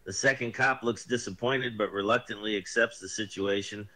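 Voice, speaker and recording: Computer guy voice reading chatbot narration, bright and crisp, flat delivery. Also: fairly low pitch, normal speed. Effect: text-to-speech voice.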